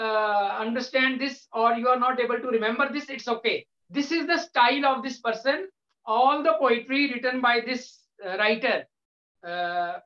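A male English lecturer with an Indian English accent, patiently explaining to a class with frequent pauses. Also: extremely high pitch. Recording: echoey room, dull lo-fi sound.

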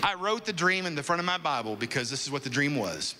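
A man's voice: on the high side, very animated, fast, background noise. Emphatic man preaching in a church hall. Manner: emphatic preaching, shouting at peaks. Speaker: pastor. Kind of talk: sermon.

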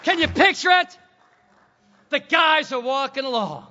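High-voiced, dramatic male preacher. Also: expressive, normal speed, a faint crowd. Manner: dramatic storytelling, swinging from shouts to hushed tones. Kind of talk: sermon. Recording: dull lo-fi recording.

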